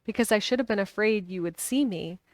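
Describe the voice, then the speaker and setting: A woman's voice: mid-range voice, a little fast, no room sound, natural voice. A woman reading aloud, voicing a sickly, fretful young boy who is bedridden and gloomy, in a complaining tone.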